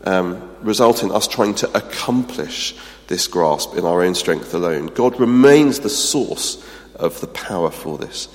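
A man's voice: low voice, animated, unhurried, hardly any pauses, long reverb tail. A man preaching a sermon, earnest and emphatic, often restarting with ums, then leading a closing prayer.

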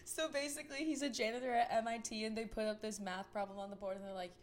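A woman's voice: fairly high pitch, fairly even intonation, fast talker. A young woman co-hosting a podcast, laughing often and rambling through casual retellings. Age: young adult. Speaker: podcast co-host. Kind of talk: casual chat.

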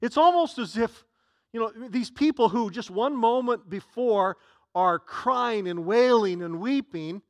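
High-voiced man preaching a sermon. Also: lively intonation, a little slow, no room sound, clean studio sound. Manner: earnest preaching with repeated restarts. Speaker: pastor.

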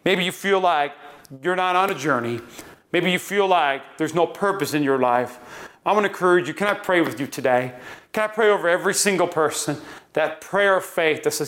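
Pastor, male, thirties, high voice, earnest and pleading. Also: lively intonation, brisk, fairly bright tone. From North Dakota. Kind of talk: sermon. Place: church building.

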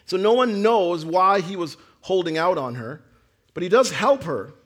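A man preaching a sermon, earnest, swinging from raised, near-shouted lines down to quiet ones. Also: lively intonation, moderate pace. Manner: earnest preaching, rising to near-shouts then dropping low. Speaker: pastor.

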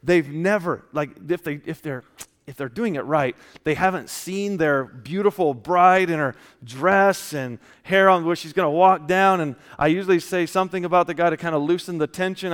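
A man preaching a casual, story-filled sermon, often dropping to a soft hushed tone. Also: on the high side, normal speed. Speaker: pastor. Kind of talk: conversational sermon with stories. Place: church. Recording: long church hall reverb.

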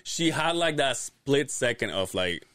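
A man's voice: mid-range voice, sing-song, a little slow, a bit bright, dry recording, studio quality. A young man telling a funny story on a podcast, laughing often and swearing casually. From Latin America. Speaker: podcast host.

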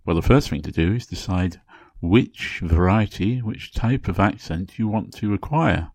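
A man from England speaking with a Received Pronunciation accent, giving a measured, clearly enunciated educational talk as a podcast host. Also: deep voice, lively intonation, darkish tone, dry recording. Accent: English Received Pronunciation.

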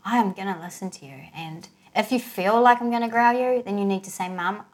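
Animated woman telling a family story. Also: medium pitch, a little fast. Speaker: podcast co-host, mother. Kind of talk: casual chat.

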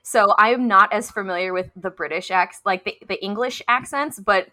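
A woman with a bright, forward voice, chatting in a lively way and laughing through her story. Her pitch sits in a middle range. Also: normal speed. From grew up in Stirling, Scotland. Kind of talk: casual chat.

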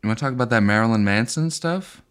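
A man's voice: medium pitch, animated, quick pace, a bit bright, smooth. A young man cohosting a comedy podcast, loose and sarcastic, laughing often. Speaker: podcast co-host. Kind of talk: casual comedic chat.

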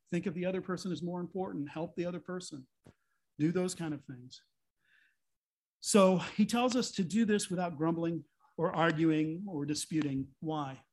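A man's voice: high voice, a little mellow. A man preaching a sermon as a pastor, earnest and full of rhetorical questions, sometimes speaking in God's voice.

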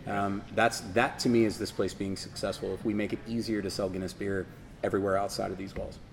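Low-voiced man, thoughtful and halting. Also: little pitch movement, gravelly, slight background noise. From Baltimore. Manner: thoughtful, speaks in halting restarts. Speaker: Guinness brewery representative. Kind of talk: casual interview conversation.

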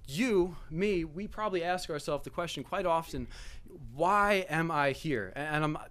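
Earnest young preacher, stumbling restarts. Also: male voice, fairly high pitch, normal speed, fairly bright tone. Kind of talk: storytelling sermon.

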